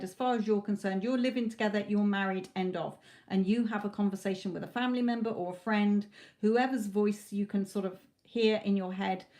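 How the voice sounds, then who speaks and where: A British woman reads tarot on a live stream. She talks in a blunt, motherly way and keeps checking in with "okay?" Her pitch sits in the middle of the range. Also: a little mellow. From Britain. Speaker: psychic tarot reader. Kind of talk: live-stream reading, direct advice.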